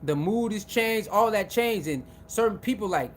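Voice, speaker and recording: A man giving casual sports commentary, talking in an animated, repetitive way and acting out what other people say. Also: high-pitched, normal speed, a little hiss or hum. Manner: repetitive, animated, acts out quoted voices.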